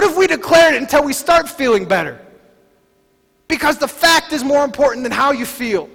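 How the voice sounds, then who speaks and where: A man preaching a sermon, moving between quiet, low passages and loud, declaring ones. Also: lively intonation, normal speed, vocal fry, long reverb tail. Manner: swings from soft and low to loud, shouting declarations. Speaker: pastor.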